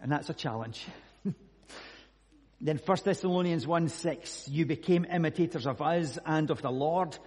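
A man's voice: a little high, darkish tone, slightly rough, long reverb tail. A Scottish man preaching a sermon, telling a personal story earnestly and reading scripture. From Scotland.

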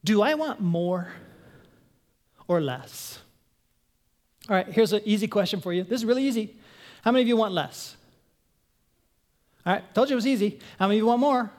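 A woman pastor preaching a conversational sermon, animated, asking her congregation questions and acting out voices. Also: moderate pace, pauses often. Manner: animated, acts out quoted voices in a higher pitch.

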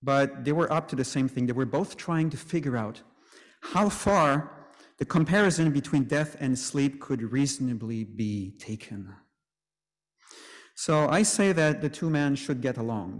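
Chatty preacher in an echoing church. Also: male voice, medium pitch, a little slow. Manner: conversational, joking asides. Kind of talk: sermon.

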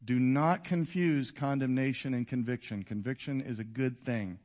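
A man in his fifties preaching a sermon to a congregation, swinging between loud exhortation and quiet intensity. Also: mid-range voice, normal speed. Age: 50s. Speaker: pastor. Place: church before a congregation.

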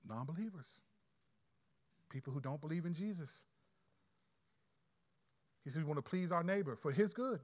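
A man preaching a sermon in a conversational, animated way with quick asides. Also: fairly high pitch. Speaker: pastor.

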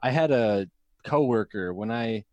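A man's voice: medium pitch, expressive, a little slow, a little mellow, no echo, highs cut off. A young man from Iowa co-hosting a comedy podcast in casual banter, laughing often. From Iowa, USA. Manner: laughs often, acts out quoted people.

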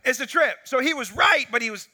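A pastor preaches a sermon on a wireless mic, telling a story animatedly and acting out plenty of dialogue. His voice is very high and fairly quick.

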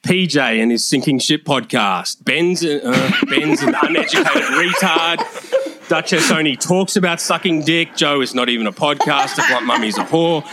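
A man's voice: fairly high pitch, expressive, normal speed, sharp tone. A man roasting the hosts in a comedy roast, with a brash, crude, mocking delivery.

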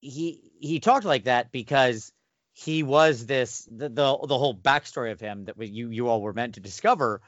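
Male GM co-host, measured and explanatory, mid voice, flat dull sound. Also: mid-range voice, no echo. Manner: thoughtful and explanatory, with restarts. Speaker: podcast co-host and game master. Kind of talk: casual chat about running tabletop games. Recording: dull dry recording.

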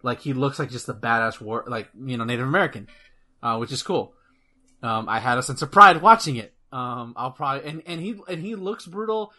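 A man chatting casually about gaming news on a podcast, rambling and excitable, swearing freely. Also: mid-range voice, fairly quick. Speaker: podcast co-host.

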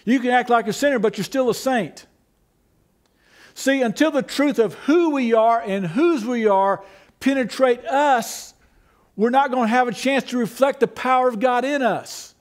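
Pastor, male, very high voice, relaxed conversational preaching with rhetorical questions. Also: moderate pace. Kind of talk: sermon.

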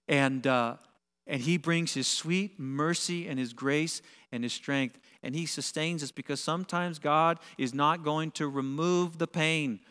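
Animated man preaching in a reverberant hall. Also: fairly high pitch, measured pace, clear, resonant tone. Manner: animated, builds to emphatic peaks. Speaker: pastor. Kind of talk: sermon. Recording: long reverb of a large hall.

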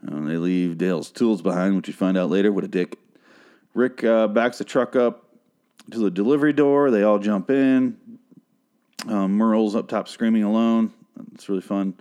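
A man hosts a casual solo podcast, ranting sarcastically and swearing freely as he recaps a show. His voice sits low and dark, with a slight frog in his throat. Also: moderate pace, smooth. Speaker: podcast host recapping a TV episode.

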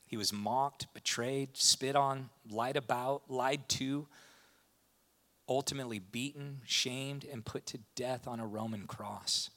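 A man's voice: mid-range voice, slow pace. A man preaching a sermon with impassioned delivery. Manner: impassioned, rising to animated retellings. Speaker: pastor.

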